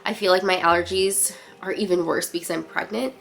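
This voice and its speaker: A young woman with a stuffy, congested voice, chatting casually and quietly in a home vlog update. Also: lowish voice, fairly even intonation, a little fast, gravelly. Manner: chatty, lots of fillers like "like" and "um"; keeping her voice down. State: congested, nasal. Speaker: vlogger. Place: guest room at home.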